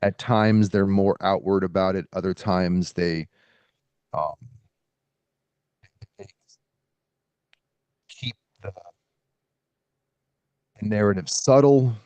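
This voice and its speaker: A man hosting a podcast in a casual, halting way, pausing as he reads from his sources. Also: deep voice, darkish tone, clean tone, dry recording. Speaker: podcast host. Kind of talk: casual podcast talk, reading quotes aloud.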